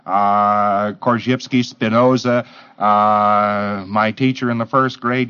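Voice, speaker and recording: A man's voice: fairly low pitch, fairly even intonation, slow, clear, resonant tone. A man giving a lecture to trainees, emphatic, firing off rhetorical questions and mimicking the people he talks about. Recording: dull lo-fi old tape.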